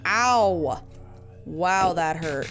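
A woman's voice: on the low side, lively intonation, very slow, a bit bright, soft background music. A woman giving casual gameplay commentary, muttering to herself in a playful, easily amused way. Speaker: let's-play gamer.

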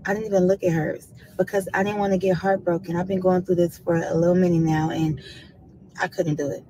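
A woman's voice: lowish voice, flat delivery, brisk, dark tone, low-quality recording. A woman in an interview clip, rambling as she retells conversations with her daughter. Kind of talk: interview storytelling.

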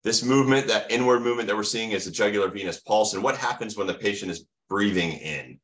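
A man's voice: on the low side, fast, a bit bright. A middle-aged American man giving an online medical lecture, asking the audience questions and answering them himself with teacherly enthusiasm. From United States.

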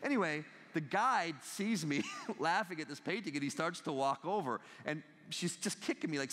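An American middle-aged man, an ethics professor giving a lively motivational talk to a campus audience, telling stories and firing questions at them. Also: on the high side, fairly quick. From United States. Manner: animated storyteller, asks the audience questions. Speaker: guest speaker, ethics professor. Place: large lecture hall with live audience. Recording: long reverb of a large hall.

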